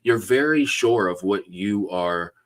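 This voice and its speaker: A low-voiced man hosts a casual livestream interview, warm in his eagerness and full of fillers and restarts. He rambles along cheerfully, heard over a video call connection. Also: expressive, takes it slowly. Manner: enthusiastic, rambling with many fillers. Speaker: host.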